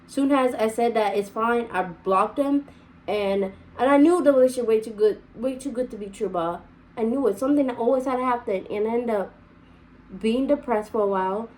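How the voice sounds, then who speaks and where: A woman's voice: on the high side, fairly quick, darkish tone, low-quality recording. Chatty young woman telling a story. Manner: rambling, repeats and restarts often. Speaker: vlogger. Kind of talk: casual storytime.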